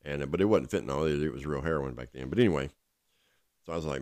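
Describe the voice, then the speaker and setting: A man's voice: rumbling low, very fast, darkish tone, dry recording, clean studio sound. A man telling his own story in a rambling, casual way, full of fillers. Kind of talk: personal storytelling.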